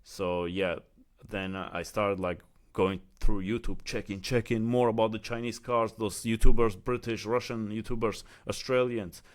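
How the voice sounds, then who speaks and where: A vlogger from the United Arab Emirates, speaking with an Emirati accent, tells a heated, casual story and fills it with "like" and "you know." His voice is lowish and steady in tone, delivered at a measured pace.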